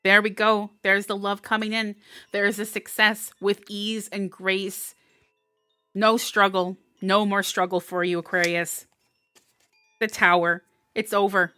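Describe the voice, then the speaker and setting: Lady doing a live tarot reading, talks slow, smooth voice, gets all emotional and encouraging. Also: medium pitch, flat delivery, bright, forceful tone, no room sound. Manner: emotional, encouraging, laughs often. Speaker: tarot reader. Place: indoors, live stream.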